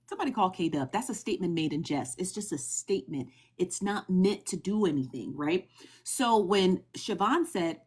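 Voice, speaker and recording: A woman's voice: on the low side, husky. Chatty young woman livestreaming gossip. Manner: chatty, animated, asks viewers questions. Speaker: TikTok live streamer sharing gossip news. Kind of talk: casual livestream gossip recap.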